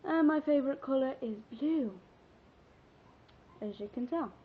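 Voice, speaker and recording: A woman's voice: sits high, a little slow. Giggly teenage girl vlogging, lo-fi. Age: teens. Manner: chatty, giggly, rambling with fillers. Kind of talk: casual vlog storytelling. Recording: dull lo-fi webcam audio.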